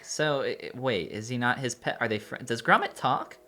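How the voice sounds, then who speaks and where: A woman's voice: extremely low pitch, lively intonation, moderate pace, a bit bright. A woman chatting casually as co-host of a drawing channel, playful and teasing, asking lots of questions. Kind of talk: casual chat while drawing.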